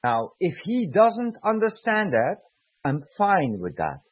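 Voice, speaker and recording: A former army sergeant guest speaks slowly in a high-pitched, breathy voice whose pitch swoops wildly. Swearing and repeating himself, he rants heatedly and emotionally, and the dull lo-fi recording has no room sound.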